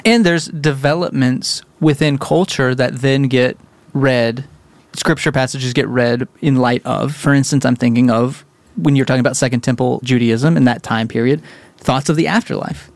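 A man's voice: medium pitch, fairly even intonation, normal speed, no room sound. A man co-hosting a podcast, earnestly building a theological argument step by step. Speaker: podcast co-host. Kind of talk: conversational theology discussion.

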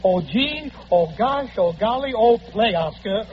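A man trading eager, fast quips in 1930s radio comedy banter. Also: high voice, expressive, very noisy. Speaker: comedian and guest star. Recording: dull 1939 radio broadcast recording.

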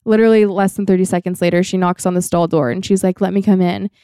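A woman's voice: lowish voice, fairly even intonation, fast talker, warm tone, clean tone, no echo, clean studio sound. A young woman co-hosting a podcast, telling a personal story in casual chat, full of "like" fillers. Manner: chatty, many "like" fillers. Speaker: podcast co-host.

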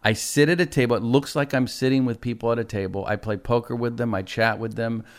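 A man's voice: mid-range voice, steady tone, fast talker, clean tone. A middle-aged man, a guest on a talk show, telling rambling stories in casual chat and often laughing.

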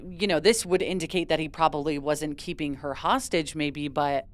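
A young woman talks through a true-crime case in casual podcast chat. Her voice sits on the low side and sounds smooth and clear, and she laughs easily and says "like" often. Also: steady tone, normal speed. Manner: chatty, laughs often, uses "like" a lot. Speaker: podcast co-host.

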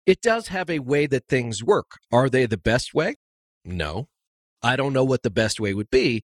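A man hosting a podcast, his pitch rising and falling a lot as he talks. The sound is close and dry, and his casual, wry remarks keep the interview moving. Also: animated, unhurried, no room sound. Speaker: podcast host. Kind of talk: conversational interview.

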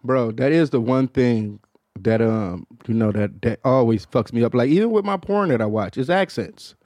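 A man hosting a podcast, chatting casually with crude, animated storytelling. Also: mid-range voice, normal speed, no echo. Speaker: podcast host. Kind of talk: casual comedic chat.

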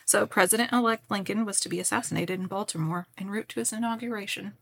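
A woman from Kentucky co-hosting a podcast, reading a history story and breaking into lively chat and laughter. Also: mid-range voice, fast talker, creaky, breathy edge. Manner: animated, laughs often. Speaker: podcast co-host.

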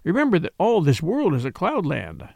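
A man's voice: fairly high pitch, huge pitch swings, moderate pace, gravelly, a little mellow, no room sound, full character voice. A man voicing a reformed thief turned detective who speaks impatiently, with a sneer.

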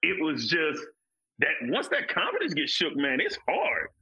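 Lively husky-voiced man talking football. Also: fairly high pitch, unhurried, dull audio. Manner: emphatic, repeats points with "like" and "man". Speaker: podcast co-host, former football player. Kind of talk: casual sports talk.

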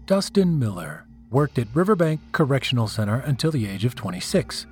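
A man voicing a cold, matter-of-fact woman official in an audio story, flat and unconcerned in delivery. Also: mid-range voice, brisk, husky, soft background music, pitched below the performer's own voice. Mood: cool.

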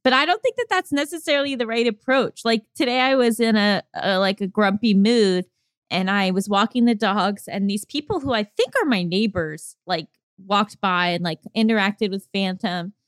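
A woman's voice: mid-range voice, normal speed, clean tone, no room sound, clean studio sound. A young woman co-hosting a podcast, chatting in a reflective, friendly way. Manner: reflective, friendly, laughs easily. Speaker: podcast co-host. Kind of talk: casual chat.

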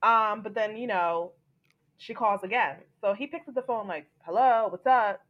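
On a podcast, a female host recaps a TV episode with lively storytelling, performing the characters' quotes herself. Her voice is medium-pitched and her speed normal, but the recording sounds dull.

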